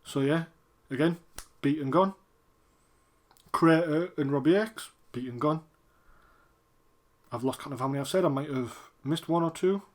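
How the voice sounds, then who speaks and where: A man reviewing a wrestling show in casual chat and reacting to the matches, excitable and quick to cheer at the screen. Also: a little high.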